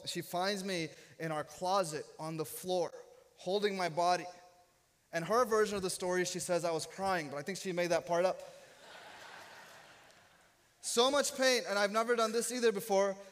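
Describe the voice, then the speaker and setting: Brief: man in his 30s, pastor, joking sermon storyteller, fairly high voice, long church-hall echo. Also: a bit bright. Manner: humorous, self-deprecating storyteller. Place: church sanctuary.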